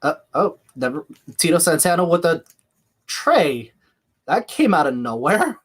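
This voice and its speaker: A man's voice: a little high, big pitch swings, measured pace, breathy edge. A man hosting a live watch-along stream with a slight lisp, chatting casually while calling the action and reading viewer comments. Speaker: livestream host.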